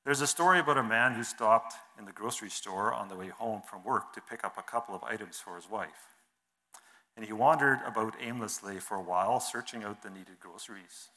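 A man giving a sermon in an earnest, measured way, reading scripture and telling an illustration, his phrases trailing off softly. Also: on the low side. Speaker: preacher.

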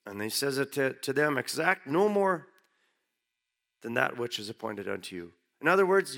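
A man's voice: mid-range voice, gravelly. Man preaching a scripture sermon. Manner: reads verses aloud then explains them in plain words, with sharp rises for emphasis. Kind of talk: sermon reading and explaining scripture.

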